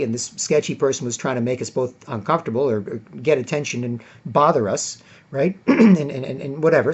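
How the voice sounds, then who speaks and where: A man's voice: medium pitch, husky. A man telling a long casual story in a rambling way, tagging his sentences with "right?" and "whatever". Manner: acts out other people in a raised, mocking voice. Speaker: vlogger. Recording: dull lo-fi recording.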